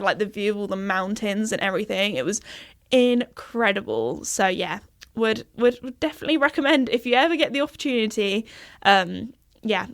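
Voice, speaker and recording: Laughing frequently, this young podcast host chats casually and tends to ramble. She speaks in a mid-range voice that sounds fairly bright.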